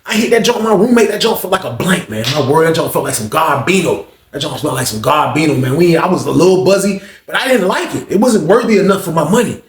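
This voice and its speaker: A young man spins a casual storytime at a rapid clip, animated and profane, jumping into voices for the dialogue. His voice sits a little high, and a roomy echo hangs around it.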